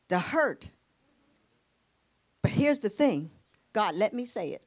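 High-voiced woman preaching a sermon. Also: big pitch swings, unhurried, long pauses. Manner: emotional testimony, shifting between hushed and exclaiming. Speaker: pastor.

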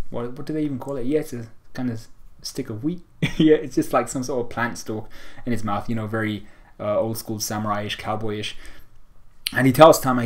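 Young man, lowish voice, casual rambling recap, fillers and restarts. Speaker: manga reviewer. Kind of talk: casual chapter review.

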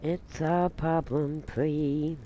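A man's voice: a little high, flat delivery, extremely slow, warm tone, a little hiss or hum, rough recording. A man hosting a livestream, chatting casually and teasing with frequent laughter. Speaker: livestream host.

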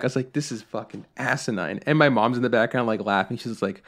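Animated young man telling a family story. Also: medium pitch, racing, hardly any pauses. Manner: animated, swears a lot, acts out quotes. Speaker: podcast co-host. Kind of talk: casual storytelling chat.

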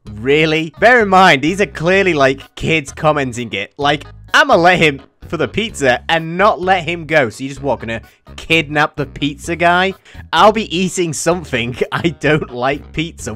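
A man's voice: a little high, expressive, moderate pace, fairly bright tone, soft background music. A young man giving sarcastic, mocking reaction commentary as a YouTube host. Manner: sarcastic, mocking, often laughing.

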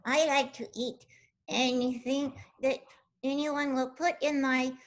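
A woman's voice: high-pitched, fairly even intonation, slow. A woman voicing a young girl pig puppet who is childlike and easily upset, in a children's puppet show. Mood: cheerful. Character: young female pig puppet, sweet and excitable.

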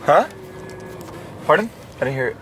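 A man's voice: a little high, animated, crowd noise, low-quality recording. A man chatting casually on a travel vlog, switching between Punjabi and English, outdoors in a city. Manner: fast, mixes Punjabi and English. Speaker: vlogger.

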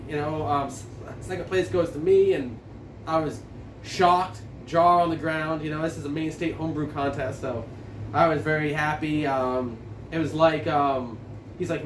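A man's voice: on the high side, steady tone, moderate pace, a little hiss or hum. Rambling, stammering guy heard from afar. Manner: rambling, stammering, profane storytelling. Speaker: homebrewer reviewing beer. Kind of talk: casual rambling vlog. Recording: echoey room, distant from mic.

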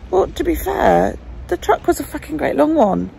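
A woman's voice: high voice, sing-song, normal speed, vocal fry, mellow, a little hiss or hum. A woman vlogging casually, venting her frustration and swearing freely. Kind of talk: casual vlog monologue.

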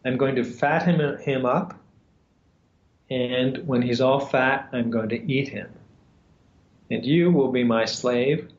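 A cruel, bossy old witch given voice by a man telling the tale. She speaks slowly and plainly, without any theatrical change. The recording is echoey and a little muffled. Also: medium pitch, close to an everyday voice. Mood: commanding. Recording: roomy, slightly dull sound.

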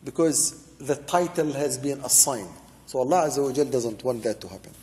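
A man's voice: mid-range voice, normal speed, darkish tone. A man teaching Quran commentary as a sheikh, reciting short Arabic verses and then explaining them in English, repeating key points for emphasis. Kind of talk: religious lecture explaining verses. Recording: long hall reverb.

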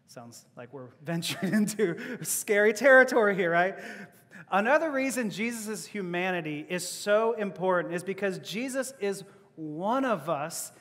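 A man's voice: sits high, a bit bright. A man preaching a sermon as pastor, conversational, with rhetorical questions and laughing asides. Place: church hall. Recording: long hall reverb.

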